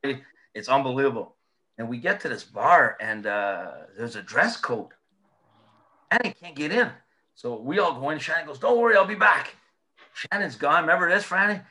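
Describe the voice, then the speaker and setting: A man, a former hockey player, telling animated, profane anecdotes in a casual chat, laughing as he goes. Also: mid-range voice, brisk.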